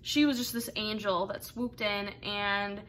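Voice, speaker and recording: A woman's voice: medium pitch, fairly even intonation, unhurried, fairly bright tone. A young woman candidly telling a personal story in a casual, rambling way, full of fillers and asides. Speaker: vlogger telling her birth story.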